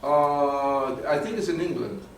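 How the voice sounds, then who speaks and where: During a live lecture with audience questions, a male presenter speaks in a lively, somewhat high voice, a little slowly. He often restarts and repeats words while searching for the right term. Captured from a distance, the sound is very echoey with a faint room hiss.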